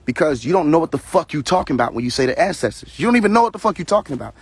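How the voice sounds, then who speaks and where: Ranting on his live stream via phone, this male host sounds fairly high-pitched, very animated, and slightly rough as he races along. His delivery is preachy and combative, loaded with swearing and phrases he keeps repeating.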